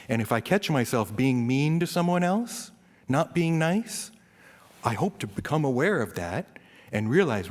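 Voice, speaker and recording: A man giving an informal, self-deprecating Dharma talk, peppered with "right?" asides and rising into animated rants. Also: mid-range voice, moderate pace. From US East Coast. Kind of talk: informal sermon. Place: temple hall. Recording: reverberant hall.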